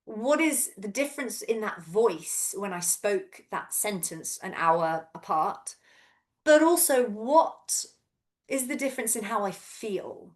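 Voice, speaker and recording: Gentle, unhurried woman vocal coach. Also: medium pitch, lively intonation. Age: 30s. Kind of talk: guided voice and breath workshop.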